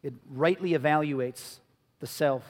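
A man's voice: on the high side, unhurried. A male pastor preaching a sermon, earnest and rising to emphatic peaks, in a church. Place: church sanctuary. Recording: long reverb of a large hall.

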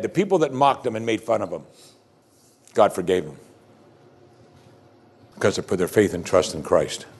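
A man's voice: fairly low pitch, big pitch swings, normal speed, pauses often, darkish tone, husky. A man preaching a sermon as pastor, earnest and emphatic, repeating key phrases and breaking into conversational asides between scripture readings.

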